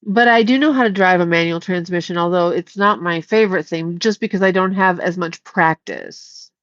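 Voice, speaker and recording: A woman's voice: fairly low pitch, normal speed, fairly bright tone, no echo. A woman hosting a casual livestream, reading chat aloud and scolding a viewer in a blunt way, swearing freely. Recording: slightly dull lo-fi audio.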